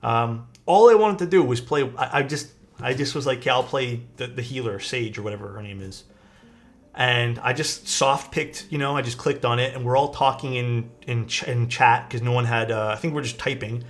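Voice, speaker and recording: A young man with a mid-range voice speaks at normal speed on a live stream, building a keyboard at his desk. He rambles casually through a story, saying "like" a lot and swearing now and then, with faint music in the background.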